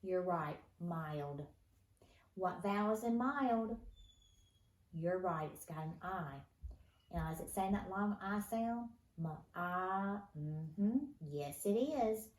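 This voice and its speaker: A woman's voice: fairly low pitch, slow, darkish tone. A woman teaching a phonics lesson to first graders, patient and encouraging, answering the children's imagined replies. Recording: echoey room with faint noise.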